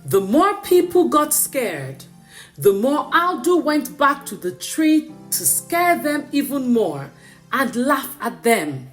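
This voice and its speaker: Woman reading a bedtime story slow, high and sing-song, faint music behind. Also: big pitch swings.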